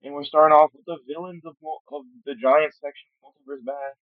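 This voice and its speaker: A man's voice: a little high, fairly even intonation, quick pace, dry recording. A man talks loosely and tiredly, tripping over words and dropping jokey side comments. His voice comes through thin and phone-like. The sound is dry, with no room around it. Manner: rambling, joking asides, admits stuttering. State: tired late at night. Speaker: channel host. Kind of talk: casual commentary on a fan game roster. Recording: tinny phone-like dry mic.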